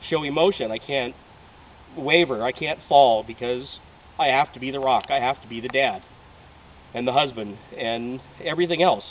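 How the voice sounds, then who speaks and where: A man in his late thirties making a heartfelt personal appeal to be picked, with emotional, sincere delivery. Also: medium pitch. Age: 30s. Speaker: reality show applicant. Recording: distant, dull home video audio.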